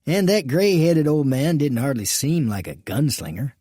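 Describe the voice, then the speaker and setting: A man's voice: medium pitch, expressive, moderate pace, warm tone, breathy edge, dry recording, studio quality. A man voicing a cheerful, chatty male bartender with folksy speech in an audiobook western.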